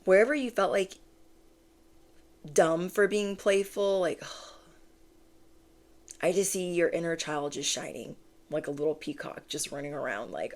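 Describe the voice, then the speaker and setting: A woman giving a channeled tarot reading, speaking with animated, drawn-out emphasis while shuffling cards. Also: lowish voice. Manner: animated, drawn-out emphatic phrases, acts out quoted reactions. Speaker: tarot reader.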